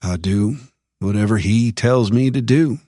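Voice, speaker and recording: A man voicing a calm, enigmatic preacher with a Texan accent who talks slowly and draws out his vowels. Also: lowish voice, no echo, studio quality, pitched above the performer's own voice. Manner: slow, measured, drawn-out vowels.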